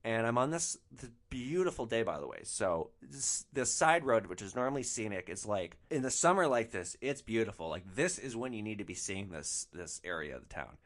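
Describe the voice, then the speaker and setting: A man hosting a podcast, telling rideshare stories in an animated, profane, exasperated way. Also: on the low side, moderate pace, few pauses. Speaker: podcast host, rideshare driver. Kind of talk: comic storytelling.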